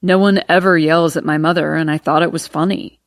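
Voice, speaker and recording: Audiobook: woman reading a cocky young male cop, low and teasing, dry close recording. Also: steady tone, brisk, no room sound.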